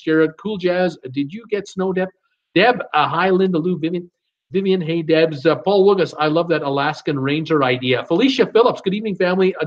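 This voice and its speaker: Reading through his live chat, this stream host rattles off viewer names and messages, tripping over a few. His manner is relaxed, talkative and full of laughter, his voice on the high side in dull audio.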